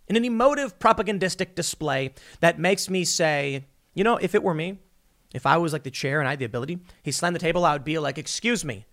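Guy doing a heated opinion monologue, kinda high voice, punchy, lots of restarts. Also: quick pace, a bit bright. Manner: emphatic and combative, with frequent restarts. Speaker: political commentator.

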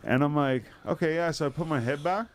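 A man's voice: fairly high pitch, brisk, a little hiss or hum. A young man telling a long story in a casual chat with friends, swearing freely and filling his talk with "yo" and "man". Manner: animated storytelling, swears a lot, repeats "yo" and "man".

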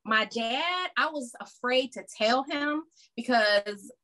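Guest: bright-voiced woman, high-pitched, animated storyteller who mimics relatives. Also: slow pace. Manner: animated, acts out family members' voices. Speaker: podcast guest. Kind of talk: casual storytelling.

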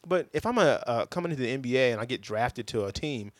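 Laid-back swearing podcast host, dry sound. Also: male voice, medium pitch, expressive, fast talker, no echo. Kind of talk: casual podcast chat.

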